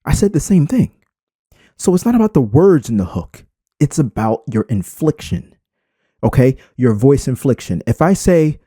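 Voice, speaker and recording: A man talks through an unscripted tutorial, and his pitch keeps leaping up and dropping back as he punches his points. His voice is mellow and warm, and it sits dry and close with no room around it. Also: sing-song, normal speed, no echo. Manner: unscripted, emphatic, swings inflection for effect. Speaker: YouTube creator. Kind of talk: screen-recorded tutorial talk.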